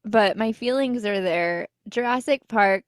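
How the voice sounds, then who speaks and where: A woman's voice: mid-range voice, a little slow, dry recording. Chatty young woman, dry close sound. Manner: chatty and enthusiastic, playful jabs. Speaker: podcast co-host. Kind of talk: casual chat.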